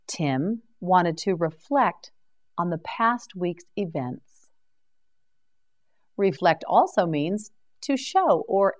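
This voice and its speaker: A woman teaching English vocabulary in a slow scripted drill, carefully articulating each word and repeating it for practice. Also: on the low side, a little mellow.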